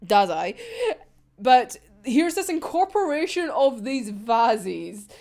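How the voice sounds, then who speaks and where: High, lively woman chatting. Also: takes it slowly. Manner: giggly, sweary and rambling, full of fillers. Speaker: manga reviewer. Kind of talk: casual chat.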